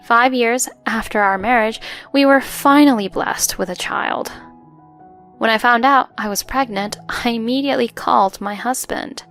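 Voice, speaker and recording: Gravelly woman narrating a story. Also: on the high side, normal speed, a bit bright. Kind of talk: first-person story narration. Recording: faint background music.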